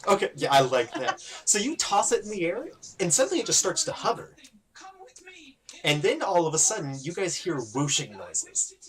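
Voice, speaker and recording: A man narrating a tabletop game as game master, telling the scene in a lively way full of fillers. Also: sits high, moderate pace. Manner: lively, animated storytelling with many fillers.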